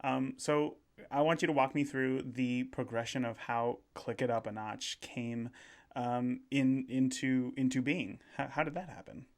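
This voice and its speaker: A man hosting a podcast interview, supportive and a bit halting, often repeating words. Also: mid-range voice. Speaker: podcast host. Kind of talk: casual interview.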